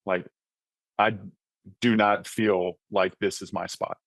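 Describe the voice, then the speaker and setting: A man's voice: fairly low pitch, little pitch movement, slow pace, fairly bright tone, no room sound. A man in his thirties, a podcast guest, sharing a personal faith testimony in an earnest, conversational way and often checking in with "right?". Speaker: podcast guest, author and mentoring ministry founder.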